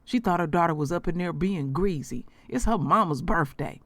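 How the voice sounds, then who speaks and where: Woman vlogger, emphatic and profane, lively pitch, dry. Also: moderate pace, no echo. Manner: blunt, emphatic, swearing. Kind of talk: emotional commentary.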